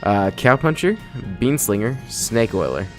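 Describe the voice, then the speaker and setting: A man's voice: on the low side, sing-song, a little slow, soft background music. Casual, hesitant young gamer man. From the American West. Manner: casual, hesitant, with many ums; reads game text aloud, sometimes in a put-on cowboy drawl. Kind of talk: let's play commentary.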